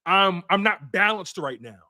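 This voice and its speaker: A man hosting a sports show on a livestream, worked up and emotional, repeating himself and swinging into shouts while he reacts to viewer chats. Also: high voice, animated, unhurried. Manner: heated, repetitive, swings to shouting.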